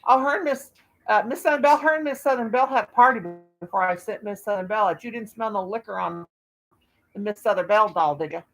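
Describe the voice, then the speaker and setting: A woman's voice: medium pitch, fast. A woman in her fifties hosting a casual live stream, rambling in a folksy way and laughing at herself. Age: 50s.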